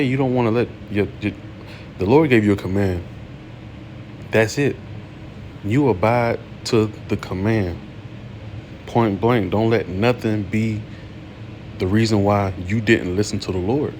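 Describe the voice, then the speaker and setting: A man reading scripture aloud and explaining it in casual everyday talk, often checking in with a quick "right?". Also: on the low side, slight background noise. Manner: reads scripture, then explains it in casual slang, tagging lines with "right?". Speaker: bible teacher. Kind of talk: informal scripture teaching.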